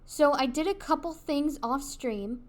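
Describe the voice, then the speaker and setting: A woman's voice: high-pitched, unhurried. A woman streaming a video game, chatting casually with her viewers in a giggly, rambling way. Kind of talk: casual gaming livestream chat.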